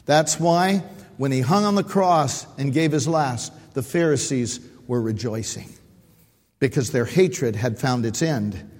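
A man preaching a sermon, calling out for amens and rising to shouts at its peaks. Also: mid-range voice, measured pace, big-room sound. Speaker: pastor.

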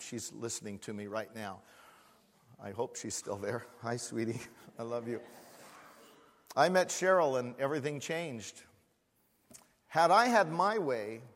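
Animated male pastor preaching in a reverberant church. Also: medium pitch. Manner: animated, swings from loud emphasis to hushed asides; repeats key words for emphasis. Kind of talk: sermon. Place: church hall. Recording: long hall reverb in a church.

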